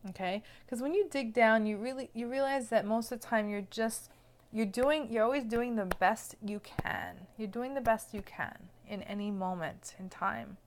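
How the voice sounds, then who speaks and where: Gentle woman coaching on self-love. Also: a little high, moderate pace, a little hiss or hum. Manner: gentle and explanatory, checks in with "okay?". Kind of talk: casual teaching to camera.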